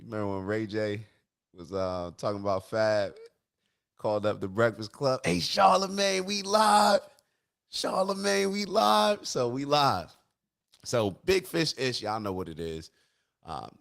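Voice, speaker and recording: Deep-voiced man hosting a casual live stream. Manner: conversational, opinionated, repeats and restarts phrases.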